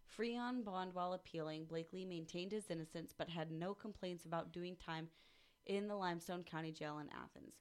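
With a lowish voice that runs a little fast and a clean tone, this woman reads out a news story on a casual studio podcast she co-hosts. As news segment co-host she's animated, cracking jokes and swearing freely.

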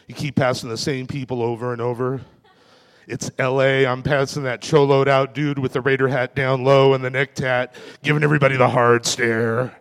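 A man in his forties doing a stand-up comedy set on a club stage, delivering self-mocking punchlines in a deadpan way. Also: medium pitch. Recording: reverberant club room.

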